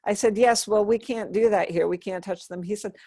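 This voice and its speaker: A woman's voice: mid-range voice, brisk, no echo. A woman in her fifties, a Buddhist nun, telling a personal story in an interview and acting out the dialogue. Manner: animated storyteller, acts out quoted dialogue.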